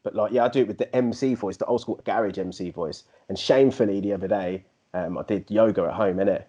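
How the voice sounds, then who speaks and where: A man, co-hosting a podcast and telling animated, slangy stories in casual chat. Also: fairly low pitch, fast. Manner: animated storyteller, slangy, slips into put-on MC voices. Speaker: podcast co-host.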